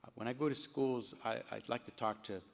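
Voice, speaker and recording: A middle-aged man gives a lively storytelling speech at a gala, jumping up and down in pitch as he acts out what others said. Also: a little fast, vocal fry. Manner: animated storyteller, voice jumping up and down when quoting others. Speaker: congressman giving an award speech. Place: large banquet hall. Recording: long hall reverb.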